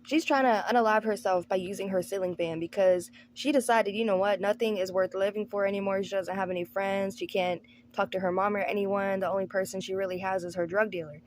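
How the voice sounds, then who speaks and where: A woman's voice: mid-range voice, fairly even intonation, a little fast, slight background noise. A woman hosting a movie review channel, giving a casual, sarcastic recap of a film. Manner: sarcastic, breezy, acts out characters' lines.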